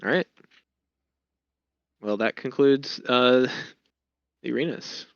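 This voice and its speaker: A man's voice: mid-range voice, slow pace, creaky, no room sound. Man running a tabletop game, lo-fi. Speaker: game master. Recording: dry, dull lo-fi sound.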